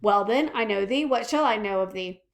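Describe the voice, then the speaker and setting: A woman reading aloud as a stern young king, giving orders in a measured, commanding way. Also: medium pitch, animated, close to an everyday voice.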